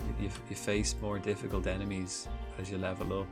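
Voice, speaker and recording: A young man with an Irish accent talks his way through a game build on a live stream, his voice sitting a little low. He rambles and swears freely, breaks off and restarts his sentences, and laughs at his own jokes, with music playing clearly behind him. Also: completely flat delivery, a little fast. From Republic of Ireland. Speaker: livestreamer.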